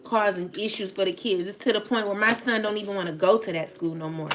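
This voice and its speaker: A woman's voice: medium pitch, steady tone, quick pace, noisy background. A woman reading tarot for viewers in a casual spoken vlog, talking in a rambling, blunt and profane way. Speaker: tarot reader addressing viewers.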